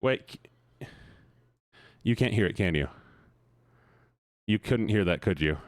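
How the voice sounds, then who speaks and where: A young man streaming and chatting casually with viewers, rambling, swearing and breaking into sudden high-pitched outbursts. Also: animated, slow pace, no echo, clean studio sound. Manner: rambling with restarts, talks to chat. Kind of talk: casual live-stream chat while gaming.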